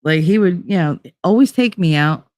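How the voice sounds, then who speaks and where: A woman in her forties telling a casual late-night story on a stream, animated and swearing freely as she acts out quoted voices. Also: on the low side, normal speed, dry recording.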